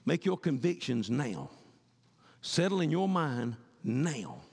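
A male pastor preaching a sermon in church, swinging from fervent shouting to hushed pleading. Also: mid-range voice, huge pitch swings, takes it slowly, vocal fry, husky, long reverb tail.

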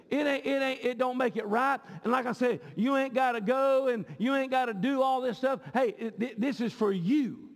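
A man preaches a sermon with a very high voice that has a gravelly edge. He is impassioned and often repeats words as he pushes his point. The sound rings with the long reverb of a church sanctuary. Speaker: pastor.

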